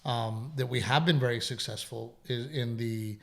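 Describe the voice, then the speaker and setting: Guy in his 40s hosting a podcast, easygoing rambling chat, average pitch. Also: moderate pace, vocal fry. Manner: relaxed, rambling storyteller with laughs. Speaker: podcast host. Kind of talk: casual chat.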